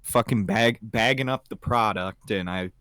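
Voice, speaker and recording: A young man co-hosting a podcast in crude, casual chat, swearing often and breaking into loud laughter at his own stories. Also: fairly low pitch, measured pace, dry recording. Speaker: podcast co-host.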